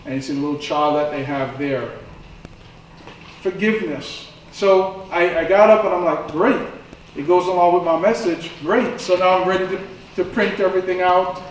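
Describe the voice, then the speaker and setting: High-voiced preacher in an echoey church. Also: male voice, moderate pace, a little hiss or hum. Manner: conversational storytelling, rising to impassioned. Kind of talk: sermon. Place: church sanctuary. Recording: echoey church room from far off.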